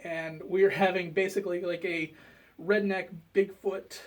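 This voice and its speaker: A man giving a casual comic book review, relaxed and full of fillers. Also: high voice, a little slow, recorded from a distance. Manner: relaxed, hesitant with many fillers.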